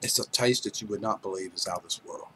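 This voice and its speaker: A man's voice: on the low side, fast talker, fairly bright tone, a little hiss or hum, poor audio. A man hosting a livestream, chatting casually and joking with viewers as he reads their names aloud. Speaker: livestream host. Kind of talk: casual chat with live viewers.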